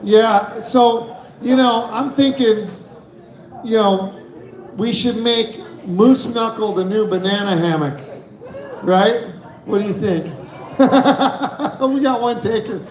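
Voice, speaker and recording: A man's voice: sits high, takes it slowly. A man doing a rambling, giggly stand-up set on a bar stage with a handheld mic. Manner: rambling, giggly, loose delivery. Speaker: open-mic comedian. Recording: echoey room, muffled mic.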